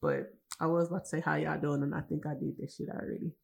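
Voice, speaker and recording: A woman's voice: sits low, big pitch swings, quick pace, vocal fry, darkish tone, husky. A woman hosting her own podcast alone, tired and emotional, rambling and swearing with lots of restarts. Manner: rambling, profane, many restarts. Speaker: podcast host. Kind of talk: casual solo podcast rant.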